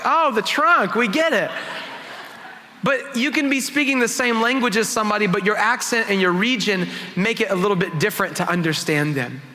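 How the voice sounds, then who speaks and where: Bright-voiced man preaching in reverberant church. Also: sits high. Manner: conversational, self-deprecating storytelling. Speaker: worship pastor. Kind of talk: sermon with personal stories. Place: church sanctuary.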